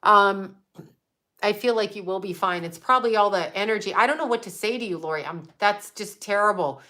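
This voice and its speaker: A woman's voice: medium pitch, brisk, sharp tone. A middle-aged woman hosting a casual livestream, answering viewer comments bluntly and swearing freely. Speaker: psychic livestream host.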